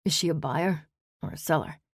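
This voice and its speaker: A woman reading an audiobook, voicing a guarded young man who speaks softly and without inflection. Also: sits low, normal speed, no echo, clean studio sound. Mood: flat. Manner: soft, flat, inflectionless.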